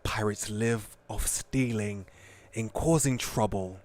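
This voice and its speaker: A man voicing a proud, touchy male ship captain in a game, attempting a West Country accent, speaking slowly and loudly. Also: lowish voice. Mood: indignant. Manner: slow, loud, indignant delivery.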